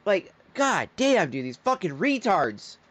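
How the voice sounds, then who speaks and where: A man's voice: high-pitched, big pitch swings, a little slow, a bit bright. A man streaming his reactions to videos, ranting with heated, profane outbursts. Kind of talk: live reaction stream commentary.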